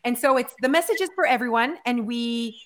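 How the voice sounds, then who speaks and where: A woman's voice: a little high, brisk. Upbeat, chatty podcast host woman. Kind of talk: casual podcast interview.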